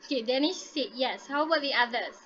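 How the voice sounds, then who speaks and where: A woman's voice: high-pitched, a little fast, fairly bright tone, muffled recording, slight background noise. A woman teaching an English class online. She is encouraging, says "okay" again and again, and slips Malay words in. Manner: encouraging, repeats "okay" often, mixes in Malay. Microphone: laptop mic on a video call.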